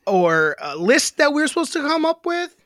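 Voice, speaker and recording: A man's voice: very high-pitched, big pitch swings, moderate pace, a bit bright, no room sound, studio quality. A man co-hosting a podcast in casual chat, joking, profane and self-deprecating. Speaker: podcast co-host.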